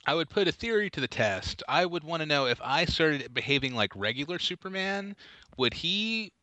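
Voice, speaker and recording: A man co-hosting a podcast in loose, comedic conversation, full of jokes and playful bits. His voice is bright and lively, pitched a little high, and recorded dry and close. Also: normal speed, no room sound. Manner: jokey, slips into silly put-on voices. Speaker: podcast co-host. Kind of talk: casual comedic chat.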